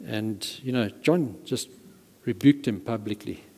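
A male pastor preaches with emphatic stress and repeats words to drive a point home. His voice is warm and mellow. The sound carries a long reverb from the church hall. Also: fairly low pitch, measured pace, vocal fry, husky. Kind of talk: sermon.

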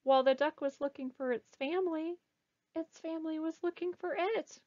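A woman librarian reading a picture book aloud to children, pausing to ask them questions. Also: sits high, no room sound. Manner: animated, asks children questions. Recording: dull, slightly muffled recording.

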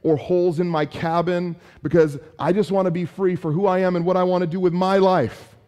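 A man's voice: high-pitched, steady tone, fairly quick, darkish tone, long reverb tail, pitched above the performer's own voice, lightly acted. A man voicing an airplane that insists on flying free without wings, speaking in an earnest, self-important way. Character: willful airplane wanting freedom.

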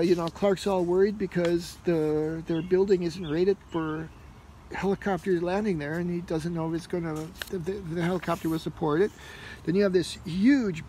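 A man's voice: high voice, darkish tone, a little hiss or hum, low-quality recording. A man casually talking through a comic book issue in a rambling way, full of fillers and restarts. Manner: rambling, heavy on fillers like "you know" and "uh". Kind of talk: casual spoken review.

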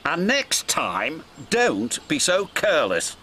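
A man voicing a haughty, sharp-tongued old female steam lorry in a storybook reading, snooty and scolding. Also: a little high, wildly swooping pitch, slow pace, slight background noise, voice pushed up, heavily acted. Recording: narration over music.

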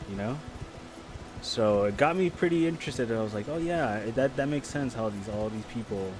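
A man streaming a game live, chatting casually and rambling between loud, excited reactions to the play. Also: lowish voice, noisy background. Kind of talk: casual live gameplay chat.

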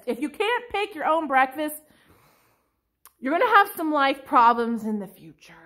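Young woman on her book vlog, high bright voice, sarcastic ranty exasperation. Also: big pitch swings, moderate pace. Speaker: book vlogger. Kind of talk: ranting vlog commentary.

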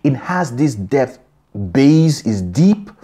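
A man's voice: medium pitch, sing-song, takes it slowly, warm tone. A man teaching a singing lesson, explaining in short phrases and singing examples. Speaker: singing coach. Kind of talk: vocal lesson with sung examples.

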